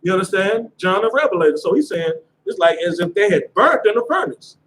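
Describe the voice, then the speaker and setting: High-voiced man teaching scripture class. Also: lively intonation, fairly quick, a bit bright, rough recording. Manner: casual, repeats "you understand?".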